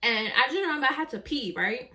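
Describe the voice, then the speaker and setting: A woman's voice: high voice, animated, fast talker, bright, forceful tone, recorded from a distance. A young woman vlogger casually telling a personal story to camera, with lots of "like" and some swearing. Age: young adult. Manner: chatty, lots of "like" and swearing, talks to viewers as friends.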